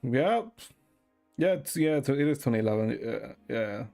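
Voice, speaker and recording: A man streaming and chatting with viewers in a deadpan, rambling way, swearing now and then. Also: mid-range voice, moderate pace, creaky, faint music behind. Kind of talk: casual chat with viewers.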